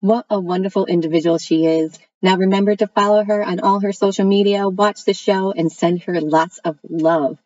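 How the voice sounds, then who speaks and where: Host: bubbly Boston-accented woman, slightly husky voice, dry close sound. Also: mid-range voice, fairly even intonation, normal speed, hardly any pauses, darkish tone, no room sound, muffled recording. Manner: bubbly, laughs often. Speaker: podcast host. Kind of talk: casual interview chat.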